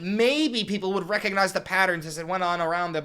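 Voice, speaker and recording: Impassioned male commentator, bright voice. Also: high voice, brisk, hardly any pauses, clear, resonant tone. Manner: impassioned, swings from yelling to quiet. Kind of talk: reaction commentary. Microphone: desk microphone.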